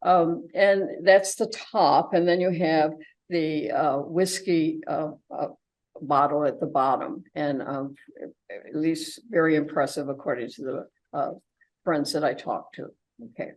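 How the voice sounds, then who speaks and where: An older woman with a fairly low voice gives a relaxed, informal slide talk about her travels. She talks chattily, with plenty of ums, uhs and restarts as she goes along. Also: a little slow, low-quality recording. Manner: chatty, many fillers and restarts. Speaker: travelogue presenter.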